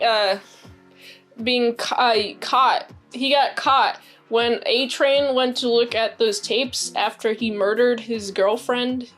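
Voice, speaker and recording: A fairly high-voiced woman talks through a TV episode in a loose, rambling recap. She gets excitable and fills her talk with fillers. Soft music plays quietly behind her. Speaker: TV show reviewer. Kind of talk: casual recap and review. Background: faint background music.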